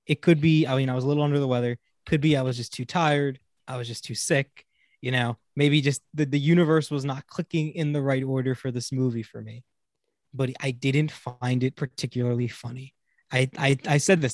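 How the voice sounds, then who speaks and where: A man's voice: mid-range voice, fairly even intonation, brisk, darkish tone, no echo, studio quality. A man co-hosting a casual movie review podcast, hesitant and frank, swearing freely. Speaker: podcast co-host.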